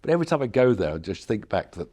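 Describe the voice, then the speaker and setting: An older man, a racing driver, telling stories in an animated, emotional way with many restarts during a live on-stage interview. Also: lowish voice, very fast. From England. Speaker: guest, racing driver and former TV presenter. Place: museum lecture theatre, live audience.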